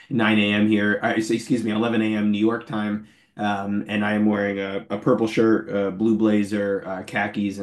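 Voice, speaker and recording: Man in his forties, losing his voice. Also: fairly low pitch. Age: 40s. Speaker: invited lecturer. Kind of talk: academic talk over a video call. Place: office. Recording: roomy echo.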